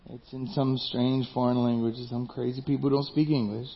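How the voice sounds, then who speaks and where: A man's voice: medium pitch, level tone, fairly quick, gravelly, muffled recording, a little hiss or hum. A male pastor preaching a conversational sermon, joking and asking the listeners questions.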